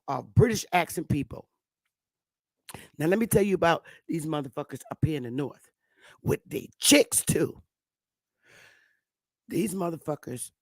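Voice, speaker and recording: A woman's voice: low voice, dry recording. A woman in her fifties from Connecticut, telling stories in a blunt, profane, emphatic rant to her viewers. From Connecticut, USA. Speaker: vlogger. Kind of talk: casual storytelling rant.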